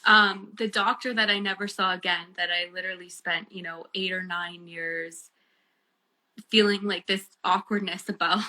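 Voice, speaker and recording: A woman, a guest and bereaved mother, telling a personal story in casual chat, earnest and animated with many fillers. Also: fairly low pitch, moderate pace. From Canada.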